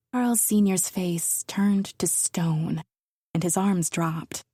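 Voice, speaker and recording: A woman narrating a thriller audiobook in the first person, measured and intimate, sometimes dropping to a whisper. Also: fairly low pitch, warm tone, slightly rough, no echo, studio quality.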